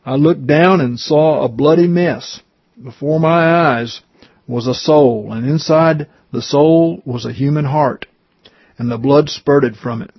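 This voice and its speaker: A man reads a religious testimony aloud, earnest and slow, with small stumbles and asides. His voice is husky and breathy. The recording is dry and lo-fi, with no room sound. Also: on the high side, no echo. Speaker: reader.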